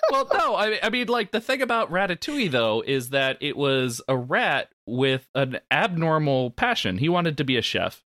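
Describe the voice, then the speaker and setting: A man with a mid-range voice talks through a goofy theory, his pitch bouncing around as he explains. He sounds close and dry, with no room echo. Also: normal speed, few pauses. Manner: animated, explains with lots of "like" and restarts. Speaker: podcast co-host. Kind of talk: casual comedic chat.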